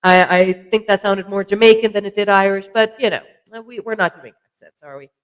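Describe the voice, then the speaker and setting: Chatty host with a smooth voice. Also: medium pitch, a little fast, fairly bright tone, rough recording. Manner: chatty and rambling, with many fillers and self-corrections; sips a drink while talking. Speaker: podcast host reviewing beer. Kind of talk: casual chat to camera.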